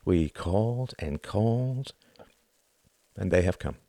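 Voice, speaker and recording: A sorrowful ambassador speaks quietly and gravely, as a man reading the book puts him on. His voice is very deep and gravelly, and the sound is dry and close. The pace is measured and reflective. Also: expressive, no room sound, exaggerated voice. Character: older male British ambassador, sorrowful, reflective.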